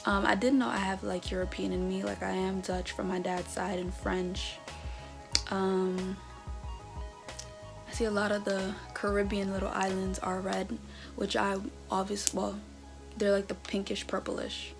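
A woman in her twenties, born in North America, chatting casually in a vlog and reading results aloud with animated reactions. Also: medium pitch, measured pace, gravelly. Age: 20s. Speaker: vlogger. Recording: background music under the voice. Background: music.

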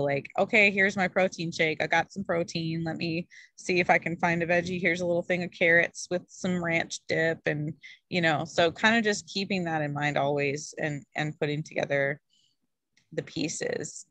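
A woman's voice: deep voice, steady tone, normal speed, a bit bright, no room sound. A woman from Maryland, a food coach, chatting casually and encouragingly on a video call.

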